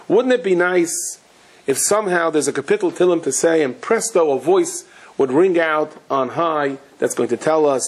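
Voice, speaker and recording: A rabbi giving a Torah lecture, telling stories in a lively way with Yiddish and Hebrew terms mixed in. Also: male voice, on the high side, moderate pace, rough recording. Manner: animated storytelling, sprinkled with Yiddish and Hebrew terms.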